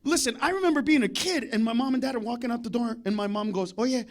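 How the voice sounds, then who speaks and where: A man doing live stand-up comedy, ranting loudly and brashly with lots of profanity. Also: very high voice, fast talker.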